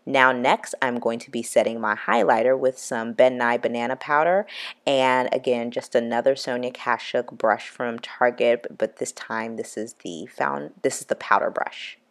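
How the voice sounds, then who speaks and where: Very low-voiced woman with a cold. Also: moderate pace. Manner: casual, chatty with many fillers. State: nasal from a cold. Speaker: beauty vlogger. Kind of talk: makeup tutorial.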